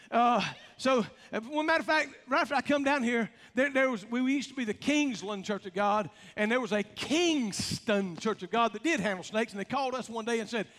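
A man's voice: very high voice, bright, forceful tone. A man preaching a folksy, emphatic sermon, joking and calling out to his congregation. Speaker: pastor. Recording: long reverb of a large hall.

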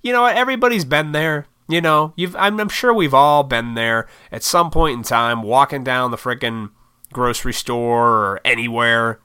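A man's voice: medium pitch, lively intonation, moderate pace, bright, forceful tone, clean tone, no echo, clean studio sound. A man telling a rambling, swear-heavy story to the camera, poking fun at his own impatience. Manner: rambling, profane, self-deprecating. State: short on sleep. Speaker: vlogger. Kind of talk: casual storytelling monologue.

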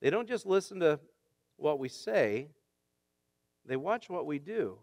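A man, a pastor, preaching a sermon in a conversational way that builds to emphatic shouts. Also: a little high, big pitch swings, measured pace, dry recording.

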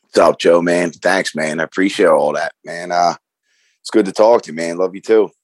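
A man who is a guest on a podcast, greeting the host in a relaxed, friendly way. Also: deep voice, moderate pace, no echo. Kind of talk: casual chat.

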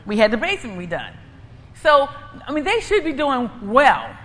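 A woman's voice: fairly high pitch, huge pitch swings, moderate pace, fairly bright tone. A woman preaching and giving a personal testimony in an emphatic, repetitive, conversational way. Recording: echoey hall, faint ambient noise.

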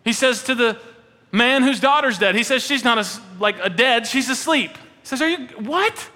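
Man, pastor, sermon, emphatic, high-pitched, bright tone. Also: moderate pace. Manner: emphatic, rising to animated peaks then dropping to a hushed prayer. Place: church sanctuary. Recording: long church hall reverb.

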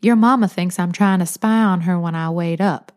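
A woman's voice: lowish voice, moderate pace, a little mellow, natural voice. Woman doing a teasing old grandmother. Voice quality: soothing, drawling.

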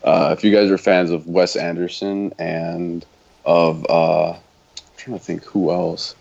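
Deep-voiced man in casual film chat. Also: little pitch movement, a little slow, creaky, a little mellow. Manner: rambling, filler-heavy. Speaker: podcast co-host. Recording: dull lo-fi audio.

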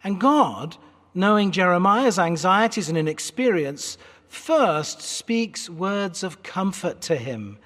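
A British man in his fifties delivers a sermon from the pulpit in a fairly high, very animated voice. He is articulate and earnest, slipping in wry asides. His words echo through a large church hall. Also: slow pace. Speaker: pastor.

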